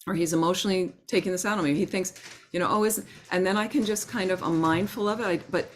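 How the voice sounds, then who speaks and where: A woman teaching a Buddhist class in a gentle, conversational way, acting out her inner thoughts as examples. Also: on the low side, fast talker, slight background noise. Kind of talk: Dharma talk to a class.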